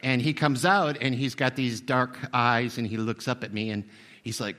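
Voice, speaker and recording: A man in his sixties, a pastor giving a sermon in a relaxed, conversational, self-deprecating way, full of fillers and restarts. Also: mid-range voice, moderate pace. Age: 60s. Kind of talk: sermon with personal story.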